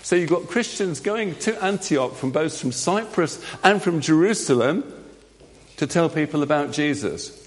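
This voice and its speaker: A man's voice: on the high side, expressive, unhurried. A man leading an all-age church talk, acting out a Bible story with volunteers in a jokey, directing manner. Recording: long hall reverb.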